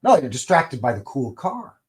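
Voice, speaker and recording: A middle-aged Canadian man hosts a live stream in a loose, rambling chat. His folksy delivery is full of fillers and restarts. His pitch rises and falls in a lively, animated way. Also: moderate pace.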